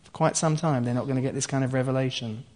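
Fast and fairly even, this medium-pitched male voice belongs to a preacher teaching conversationally. He retells a passage of scripture, explaining each line and slipping in asides to listeners and soft laughs.

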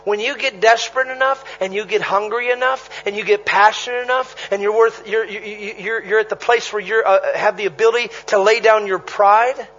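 A man preaching a sermon, telling stories with animated energy, punchy repetition and bursts of laughter. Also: high-pitched, brisk, few pauses, highs cut off. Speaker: traveling preacher.

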